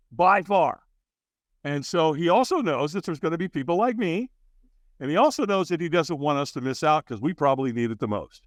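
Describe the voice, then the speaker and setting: A man telling a personal story as a podcast guest, acting out the other people's lines with big leaps in pitch. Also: no room sound. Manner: acts out dialogue with big jumps in pitch. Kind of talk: animated storytelling.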